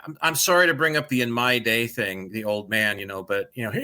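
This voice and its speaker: Middle-aged male podcast co-host, bright tone, profane and sarcastic ranter. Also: mid-range voice, fairly even intonation, brisk, hardly any pauses, smooth. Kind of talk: casual chat.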